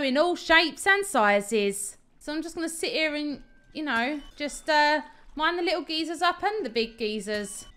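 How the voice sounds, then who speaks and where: A woman's voice: high voice, a bit bright. A young woman chatting through her gameplay in a bubbly, gushing way, often giggling as she talks. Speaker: Minecraft let's player. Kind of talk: casual gameplay commentary.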